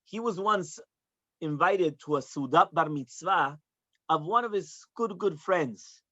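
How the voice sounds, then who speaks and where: Rabbi giving a sermon, dull recording. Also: male voice, on the high side, a little slow, sharp tone, no echo. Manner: explains Hebrew phrases in English, asks listeners "yeah?". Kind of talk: sermon with storytelling. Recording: dull, dry close recording.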